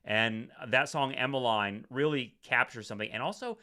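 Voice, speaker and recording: A man's voice: medium pitch, moderate pace, bright, forceful tone. A man co-hosting a casual music podcast, talking in an easygoing, wry way. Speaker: podcast co-host.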